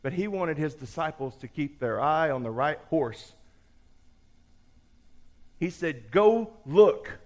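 Animated preacher man telling a story. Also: a little high, slow, pauses often. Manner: animated storyteller, acts out the characters. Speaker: pastor. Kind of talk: sermon with a told story.

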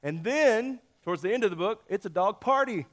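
A man preaching a sermon, telling a story in a playful, lively way with lots of shifts in emphasis. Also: sits high, fairly quick. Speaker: pastor.

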